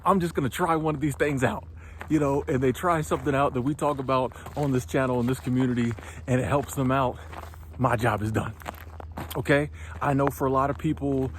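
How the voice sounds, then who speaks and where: A man, hosting his own channel and delivering an impassioned motivational monologue, preachy and animated, sometimes stumbling over his words. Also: medium pitch, slight background noise. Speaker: channel host.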